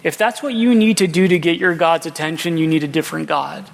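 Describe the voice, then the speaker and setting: A man's voice: a little high, steady tone, brisk, gravelly. A male pastor preaching a sermon, telling a story dramatically, acting out the quotes and asking rhetorical questions. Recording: long hall reverb.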